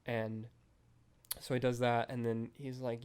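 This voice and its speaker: A young man hosting a podcast talks through a film in a relaxed, meandering way, saying "like" and "um" all the time. He speaks a little slowly in a smooth, mid-range voice, keeping his delivery even and flat.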